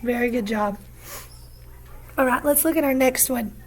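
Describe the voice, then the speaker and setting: A woman teacher giving a phonics lesson, patient and encouraging, repeating each word slowly for young students. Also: on the high side. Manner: slow, patient, encouraging, repeats words aloud.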